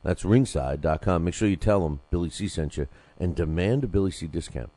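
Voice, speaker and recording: A man's voice: low-pitched, fairly quick, warm tone, no room sound. An older man hosting a boxing podcast, rambling loosely through sponsor reads with jokes and lots of fillers. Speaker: podcast host reading sponsor ads. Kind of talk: casual boxing podcast talk.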